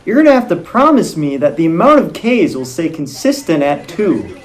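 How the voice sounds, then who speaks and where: A man playing an eager studio executive in a comedy sketch, excitable and quick to jump to conclusions. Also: a little high. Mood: excited. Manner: excitable, gushing, jumps to conclusions.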